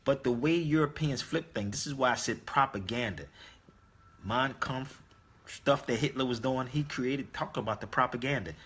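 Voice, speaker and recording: A man's voice: mid-range voice, moderate pace, a bit bright, slightly rough. A man telling a story in a casual monologue, emphatic and speaking straight to his listeners. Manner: emphatic, addresses listeners directly. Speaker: online talk host.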